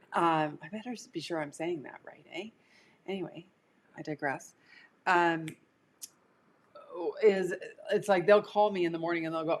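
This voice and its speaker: A woman's voice: lowish voice, fairly even intonation, moderate pace, a little hiss or hum. A woman coach talking casually on a live stream, chatty and prone to digressions. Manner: chatty, digressive, laughs easily. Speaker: career coach.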